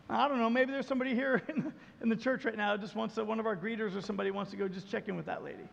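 A man with a strikingly high, gravelly voice preaches with emphatic, repetitive phrasing. His sermon rings through a church hall with a long echo, and the sound is a little dull. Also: steady tone, very fast. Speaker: pastor.

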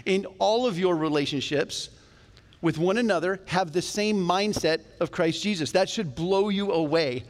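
Man, pastor, sermon, conversational and animated, slightly high voice, long church-hall reverb. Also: moderate pace. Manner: conversational and animated, with jokes aside. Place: church sanctuary.

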